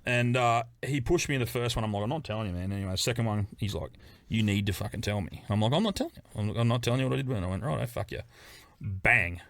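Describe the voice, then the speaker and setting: A man's voice: fairly low pitch, quick pace, fairly bright tone, dry recording. A man with a New Zealand accent telling a rambling, profane story on a podcast, laughing as he goes. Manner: storytelling, swearing, laughing often. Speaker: podcast guest. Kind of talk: casual podcast chat.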